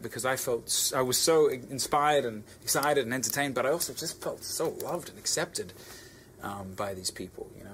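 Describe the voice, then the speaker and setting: A man's voice: medium pitch, moderate pace, a bit bright, slight background noise. A man with an Australian accent, a musician giving an earnest backstage interview answer, searching for his words as he goes. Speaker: musician guest. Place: backstage at a concert venue.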